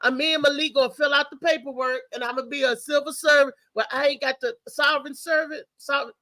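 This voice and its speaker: A woman hosting a casual talk show, telling stories with lively slang and laughter. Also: high voice, fast talker, no echo. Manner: animated storytelling, laughing, slangy. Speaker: show host.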